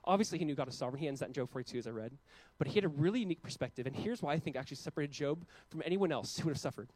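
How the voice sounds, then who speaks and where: A man in his thirties preaching a sermon as a pastor, earnest, with loud emphatic peaks and quiet, slowed passages. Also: fairly high pitch, expressive, dry recording, low-quality recording.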